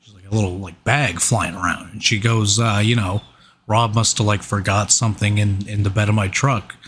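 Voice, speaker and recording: A man's voice: lowish voice, steady tone, normal speed, fairly bright tone, slight background noise. A man telling a wild story in casual podcast chat, laughing often and swearing. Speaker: podcast co-host.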